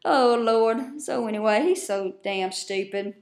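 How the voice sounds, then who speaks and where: A woman casually recapping a show on her vlog, chatty, profane and quick to laugh, recorded on a webcam at her desk. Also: on the high side, darkish tone. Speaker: vlogger. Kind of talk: casual chat. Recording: roomy echo.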